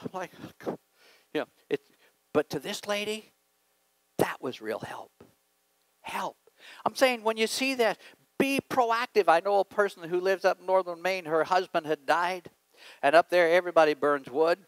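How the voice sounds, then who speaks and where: A man preaching a sermon as a guest speaker, telling stories and swinging from quiet, low passages to loud emphatic points. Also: lively intonation, moderate pace, long pauses, dry recording, low-quality recording.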